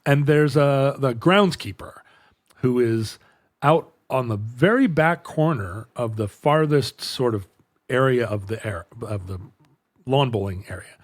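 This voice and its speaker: In a relaxed podcast chat, a middle-aged male host winds through a rambling anecdote, breaking off mid-sentence and performing the lines people said. He has a mid-range voice and a measured pace, captured in a dry, clean studio recording.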